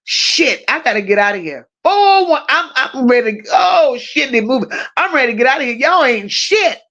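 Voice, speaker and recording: A woman's voice: high-pitched, big pitch swings, a little fast, a bit bright, lo-fi sound. A woman hosting a livestream, reading viewers' comments aloud and firing back with profane, teasing banter. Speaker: livestream host. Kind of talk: casual live chat reading comments.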